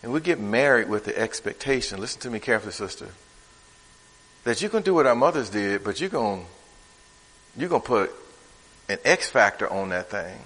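A man's voice: lively intonation, moderate pace, long pauses. Preaching man in a reverberant hall. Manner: conversational preaching, swinging from loud and high to low and quiet. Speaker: pastor. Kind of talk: sermon.

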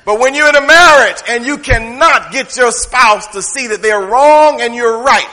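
A man preaching a humorous, conversational sermon from the pulpit, swinging from loud to hushed. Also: very high voice, normal speed, in a large hall. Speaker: pastor. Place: church sanctuary.

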